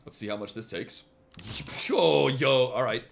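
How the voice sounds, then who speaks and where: A man giving casual gameplay commentary, excitable and jokey, with sudden swearing outbursts. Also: medium pitch, unhurried, vocal fry, a little hiss or hum. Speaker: gameplay streamer.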